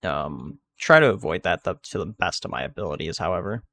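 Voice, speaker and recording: Lively gravelly man talking through gameplay. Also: deep voice, brisk, no room sound, studio quality. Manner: rambling, restarts sentences, many fillers. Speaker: gaming video creator. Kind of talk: casual gameplay commentary.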